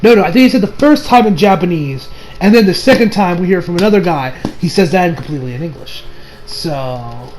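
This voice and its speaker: A young man giving a casual, excitable anime review, swearing and laughing often. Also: high voice, quick pace, soft background music.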